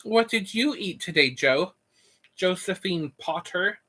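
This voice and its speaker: Goofy, bright-voiced male streamer. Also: sits high, expressive, measured pace. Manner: goofy, rambling, reads chat and jokes. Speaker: live streamer. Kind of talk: casual live-stream chat.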